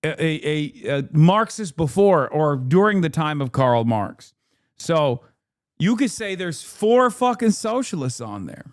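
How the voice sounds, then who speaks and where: Male streamer, slightly high voice, sarcastic and crude reaction commentary. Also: sing-song, unhurried, no echo, studio quality. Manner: profane, mocking and sarcastic. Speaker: live streamer.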